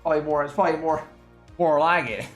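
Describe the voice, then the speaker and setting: A man's voice: fairly high pitch, fast talker, soft background music. A man from Tennessee with a Southern accent, chatting casually as a livestream host and laughing often. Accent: Southern American. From Tennessee, USA. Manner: laughs often, lively and excitable.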